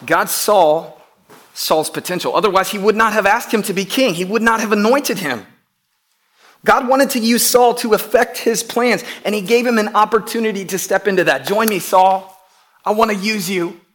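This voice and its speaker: A man preaching a sermon to his church, emphatic, often repeating words and dropping from loud to hushed. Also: high voice, normal speed. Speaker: pastor.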